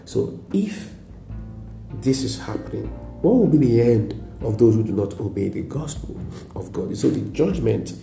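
A man's voice: mid-range voice, expressive, moderate pace, gravelly, mellow, echoey room, faint music behind. A Nigerian man preaching a sermon as a pastor, emphatic, repeating lines and adding frequent "praise God". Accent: Nigerian English.

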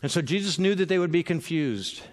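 A man's voice: a little high, animated, fairly quick, in a large hall. A man preaching a sermon in a loose, conversational way, with many fillers and repeated words as he restarts his sentences. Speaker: pastor.

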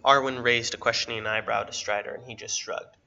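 A man reading a fantasy story aloud in a steady, even narration. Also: medium pitch, fairly quick, gravelly, lo-fi sound.

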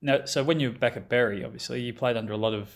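A man's voice: mid-range voice, racing, vocal fry. A man interviewing a guest, prompting him with questions and giving short words of agreement as he listens. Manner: frequent short backchannel agreement. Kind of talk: conversational interview.

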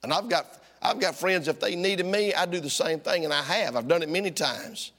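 A middle-aged pastor delivers a sermon in a church sanctuary, his voice high and bright. He swings between loud, driving lines and hushed ones, and the hall gives his words a long echo. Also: normal speed.

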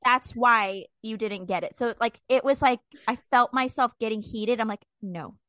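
An outspoken woman from Indiana with a fairly high voice, co-hosting a podcast. She talks animatedly and laughs often. The sound is close and dry. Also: steady tone, moderate pace, bright, forceful tone, no room sound. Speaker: podcast co-host. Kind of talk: casual chat.

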